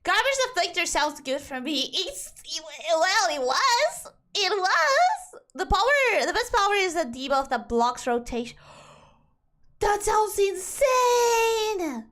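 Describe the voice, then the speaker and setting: High bright-voiced girl streamer, spanish native, slow rambly gaming chat that jumps all over in pitch. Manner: chatty, animated and rambling. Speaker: VTuber streamer. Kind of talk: casual game-stream chat.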